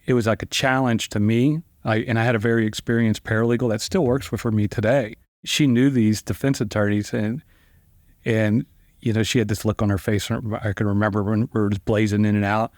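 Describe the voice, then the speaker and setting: Middle-aged male attorney guest, mid-pitch, dry close sound, chatty storyteller who mimics the people he quotes. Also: no echo. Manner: lively storyteller who acts out quoted dialogue with sharp pitch jumps; loose, conversational phrasing with fillers like "like" and "you know". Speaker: trial attorney, podcast guest. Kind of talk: casual anecdotal storytelling.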